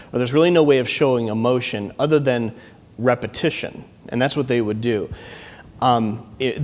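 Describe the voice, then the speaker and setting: A man with a Midwestern American accent preaching a sermon as pastor, in an earnest teaching tone with frequent restarts. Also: mid-range voice. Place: church sanctuary. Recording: long church hall reverb.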